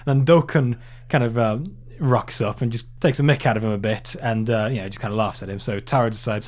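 A man's voice: fairly low pitch, fairly even intonation, brisk, a little mellow. A man co-hosting a podcast in casual chat, rambling with lots of fillers and jokes. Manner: rambling, filler-heavy, joking. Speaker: podcast co-host.

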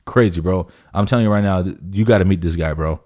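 A man's voice: sits low, quick pace, darkish tone. A man in his thirties from California, telling stories in casual podcast chat with lots of swearing and "bro". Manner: profane, emphatic storytelling, says "bro" constantly. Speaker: podcast guest.

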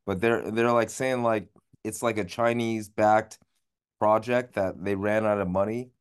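A man hosting a podcast in casual chat, relaxed and calling his guest man and dude. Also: lowish voice, unhurried, smooth. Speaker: podcast host.

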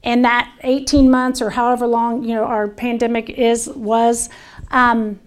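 A woman's voice: a little high, level tone, a little slow, clear, resonant tone. A woman with a Southern US accent presenting on dementia care to an audience, earnest and conversational with frequent restarts.

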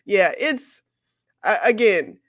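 A woman co-hosting a casual podcast, answering in a measured, laid-back way. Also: medium pitch, very animated, dry recording, studio quality. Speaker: podcast co-host.

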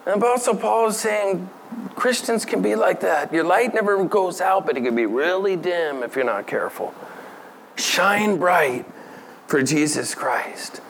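A man's voice: sits high, expressive, measured pace, gravelly, fairly bright tone, slight background noise. Conversational man preaching a sermon. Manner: conversational, asks the audience questions, laughs lightly. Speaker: pastor.

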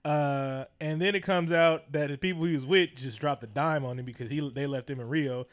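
A man's voice: a little high, fairly quick. A man, co-hosting a casual podcast and ranting with heavy profanity. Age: 30s. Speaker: podcast co-host. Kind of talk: casual chat.

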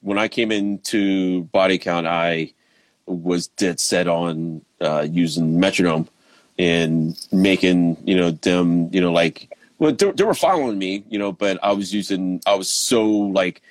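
In a casual interview, a low-voiced drummer from Baltimore, Maryland, talks at a measured pace with no room sound. His manner is relaxed and easygoing, full of ums and false starts.

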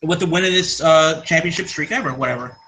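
A man co-hosting a casual wrestling podcast, quick and opinionated with jokey asides. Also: fairly high pitch, pushed and bright, poor audio. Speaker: podcast co-host.

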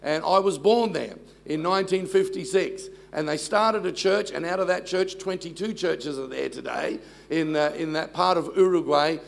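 A man's voice: on the high side, normal speed, gravelly, few pauses. A man, preaching a sermon and telling stories with self-deprecating humor. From Australia. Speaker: pastor.

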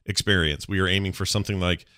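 A man's voice: sits low, fairly even intonation, fast, sharp tone, smooth, dry recording, clean studio sound. A man hosting a live stream in casual, chatty talk, laughing easily with his co-host. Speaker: show host.

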